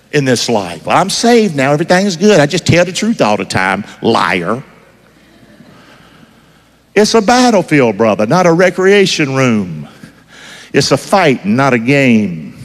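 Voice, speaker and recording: Preacher with a lively, swooping voice. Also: male voice, fairly high pitch, in a large hall. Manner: call-and-response preaching, asks the crowd to finish lines. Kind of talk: sermon.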